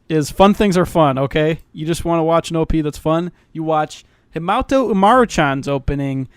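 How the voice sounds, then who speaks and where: A man's voice: on the high side, lively intonation, moderate pace, hardly any pauses, clean tone, no room sound, clean studio sound. A man co-hosting a podcast, bantering and joking with frequent stammers. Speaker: podcast co-host. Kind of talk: casual podcast chat.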